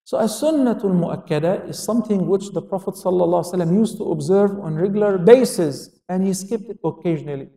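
This man's voice is high with a dark tone, and he talks fast with hardly any pauses. He's giving a religious lecture to an audience, raising and answering his own questions and quoting in Arabic; the hall echoes and the mic sits far away.

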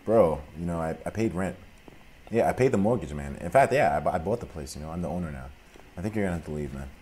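A young man giving casual, profane let's play commentary, drifting between mumbled asides and loud outbursts. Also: low-pitched, expressive, fast, slight background noise. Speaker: gaming commentator.

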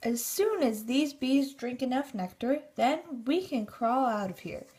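A woman's voice: high voice, animated, a little slow, darkish tone. A woman voicing a cheerful, adventurous female teacher in a storybook reading, with upbeat, exclamatory delivery.

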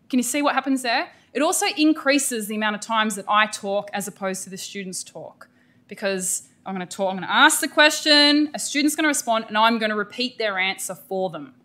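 A middle-aged Australian woman gives an energetic, emphatic professional development lecture to teachers. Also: on the high side, fairly quick. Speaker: teacher educator presenting a workshop.

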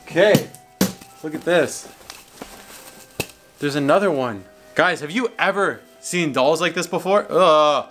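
A young man hosting his own vlog in a fairly high voice, talking straight to his viewers. He is excitable, jumps from mock disgust to loud yelps, and swears casually. Faint music plays under him. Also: a little slow, long pauses. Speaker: YouTube host.

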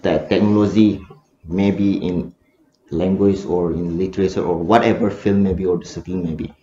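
Here a male research scholar, his English carrying a Manipuri accent, fields a seminar question hesitantly, full of fillers and false starts. The voice is low and warm, moderately paced with fairly even intonation. Slight background noise and an echoey, dull lo-fi recording come through.

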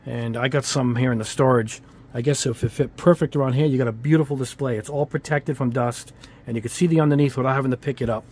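Fast and steady, this mid-range voice has a darkish, slightly rough tone. The man, a hobby model-kit YouTuber, rambles through a casual product review at his bench with fillers and chatty asides, in a New England accent tinged with Italian-American speech.

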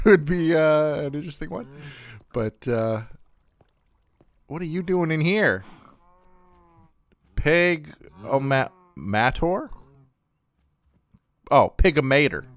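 A man's voice: on the high side, a bit bright. A man hosting a gaming channel, thinking aloud in casual gameplay commentary with plenty of fillers and trailing thoughts.

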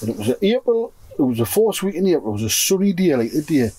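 A Geordie man from North East England, his voice fairly high, dark and fast with big pitch swings and a little hiss or hum, tells friends a long story in a pigeon loft. The pigeon fancier swears constantly and acts out everyone's lines in this casual storytelling.

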